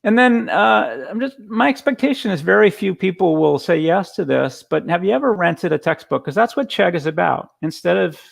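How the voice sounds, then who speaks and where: A man's voice: sits high, lively intonation, moderate pace, gravelly, hardly any pauses. A man giving a casual conference talk over a video call, telling stories with frequent restarts. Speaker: guest speaker.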